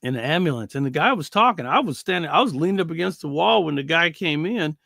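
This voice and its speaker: A man co-hosting a casual faith talk show, telling stories with lively acted-out quotes. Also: fairly high pitch, fast talker, creaky, dry recording, clean studio sound. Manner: animated storyteller, acts out quoted voices.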